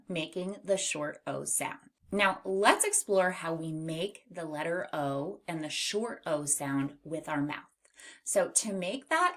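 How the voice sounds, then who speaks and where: A woman teaching a children's phonics lesson, slowly stretching out and modeling each sound. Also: on the low side, fairly bright tone. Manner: slow, exaggerated sound modeling.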